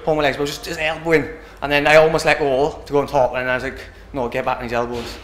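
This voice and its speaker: A man's voice: mid-range voice, level tone, rapid-fire, a bit bright, reverberant, a little hiss or hum. A young man from Britain, an MMA fighter talking casually after a win, rambling and often asking "do you know what I mean". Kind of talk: post-fight interview.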